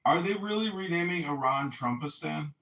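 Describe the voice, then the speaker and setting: A man hosting a loose, joking chat, firing mock-earnest questions at a guest. His voice sits a little high and lands roomy, picked up from some distance off the mic. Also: expressive, moderate pace, bright, forceful tone. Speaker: host. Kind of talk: casual trolling chat.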